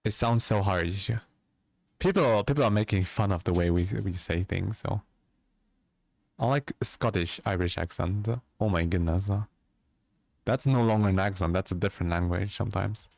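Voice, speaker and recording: A man's voice: sits low, moderate pace, gravelly, a little mellow, dry recording. A man chatting casually with viewers as a livestream host, joking around.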